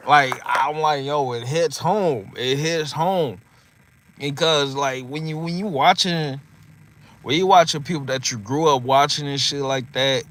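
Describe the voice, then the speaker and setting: A man's voice: medium pitch, no room sound. A man in his thirties telling old stories in a casual monologue, laughing often and swearing freely. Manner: animated, laughs often, swears freely, repeats "you know what I mean". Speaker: vlogger.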